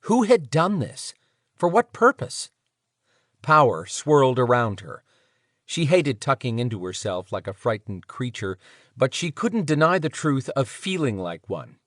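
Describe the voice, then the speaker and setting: A man narrating an audiobook in an expressive, dramatic reading style. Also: medium pitch, a little slow, no room sound, clean studio sound. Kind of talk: scripted narration.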